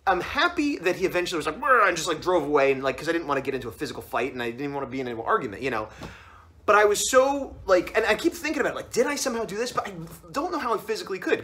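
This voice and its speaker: A man's voice: sits high, bright, forceful tone. A man casually telling a long story on his vlog, rambling and acting out the other voices in it. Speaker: comic artist vlogger.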